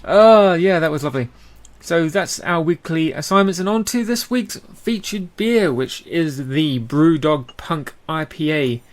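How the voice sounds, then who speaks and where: A man's voice: on the high side, animated, a little slow, hardly any pauses. A man with an Australian accent co-hosting a casual podcast, chatty, with lots of ums and frequent laughs. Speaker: podcast co-host. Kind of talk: casual chat.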